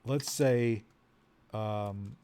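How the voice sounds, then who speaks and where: A man speaks his typed moves for a text adventure game, spelling out question marks and exclamation points as he goes. He talks slowly in a mid-range voice. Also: fairly low pitch, noisy background. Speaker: co-host.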